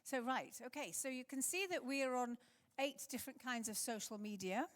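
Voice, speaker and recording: A woman's voice: high voice, moderate pace. Woman speaker with a faintly Scottish tinge, echoing hall. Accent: slightly Scottish-tinged English. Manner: chatty, storytelling, with light humorous asides. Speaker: conference speaker for a mission society. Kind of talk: church conference talk. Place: large church hall. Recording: long hall reverb in a church.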